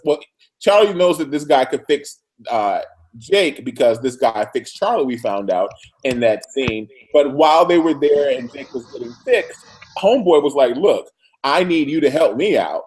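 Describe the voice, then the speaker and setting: A man co-hosting a casual TV recap chat, animated and acting out characters. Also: normal speed. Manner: animated, acts out characters with big pitch jumps. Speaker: podcast co-host.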